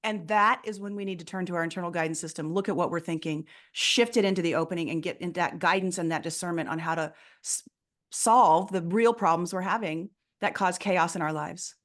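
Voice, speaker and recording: A woman with a fairly low, slightly bright voice speaks briskly as a guest on a casual interview. She's a fear coach who earnestly explains her approach, often acting out the voices of people she quotes.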